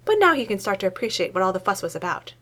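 A woman reading fiction aloud in an expressive storytelling manner. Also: mid-range voice, very fast. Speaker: story reader.

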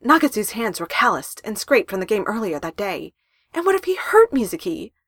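A woman reading a story aloud in an expressive narration style with emphatic rises. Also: medium pitch, brisk, breathy edge, no echo, clean studio sound.

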